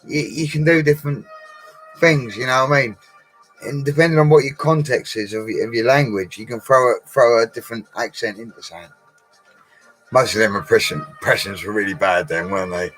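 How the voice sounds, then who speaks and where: A man's voice: medium pitch, a little fast, a bit bright, faint music behind, rough recording. A middle-aged man, rambling through a casual live stream with laddish banter and frequent laughter. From Colchester, England. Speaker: livestream host.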